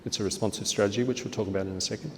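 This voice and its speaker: A man's voice: lowish voice, racing, in a large hall, a little hiss or hum. Australian man leading a teacher workshop. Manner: lively, acts out teacher lines with a bigger, brighter voice. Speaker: teacher trainer. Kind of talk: classroom workshop talk.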